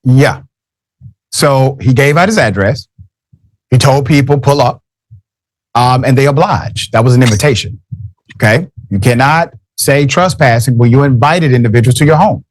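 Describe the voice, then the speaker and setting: A man's voice: mid-range voice, normal speed, no echo. A man hosting a radio talk show, giving emphatic commentary with wry asides into a studio microphone.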